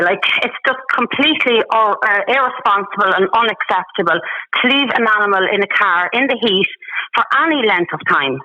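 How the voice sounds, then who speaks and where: A woman's voice: a little high, pushed and bright. A woman calling a radio show by phone, emphatic and indignant. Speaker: caller. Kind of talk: phone-in call. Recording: dull phone line.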